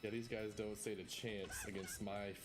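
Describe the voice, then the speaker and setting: A man's voice: lowish voice, fairly even intonation, moderate pace. A man streaming a retro game, chatting casually and rambling with self-mocking asides. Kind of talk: casual gameplay chat. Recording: game music behind voice.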